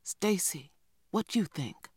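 A man's voice: high voice, expressive, slow, slightly rough, no room sound, clean studio sound, pitched above the performer's own voice, heavily acted. A man voicing a spirited, outspoken young Southern girl in a storybook reading, asking questions insistently. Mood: curious.

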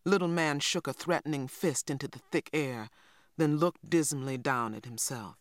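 A narrator reading an audiobook in a steady, even storytelling manner on a close studio mic. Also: mid-range voice, moderate pace, no room sound.

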